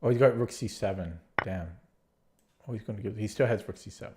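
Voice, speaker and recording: Low, stuffy-nosed man muttering chess moves. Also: normal speed, long pauses, darkish tone, a little hiss or hum. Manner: muttering move calls to himself, hesitant. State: nasal from spring allergies. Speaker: online chess player. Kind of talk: thinking-aloud game commentary.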